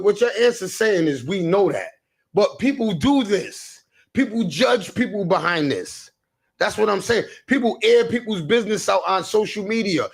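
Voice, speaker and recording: Gravelly man ranting on a livestream. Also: high voice. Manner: rambling, repeats himself, stammers and restarts, answers chat comments. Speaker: livestream host. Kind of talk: casual livestream rant.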